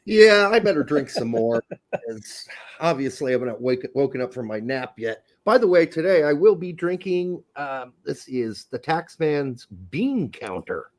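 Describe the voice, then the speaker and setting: A man's voice: mid-range voice, big pitch swings, unhurried. A man co-hosting a casual podcast, joking and swearing while drinking beer and talking cooking. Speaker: podcast co-host.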